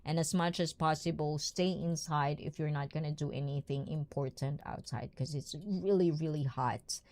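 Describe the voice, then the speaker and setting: A bubbly woman with a fairly low voice hosts a casual livestream from home. She giggles often and chats warmly with her viewers. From Filipina-Japanese. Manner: bubbly, giggly, mixes in Tagalog and Japanese words. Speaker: livestream host. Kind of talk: casual livestream chat reading the chat.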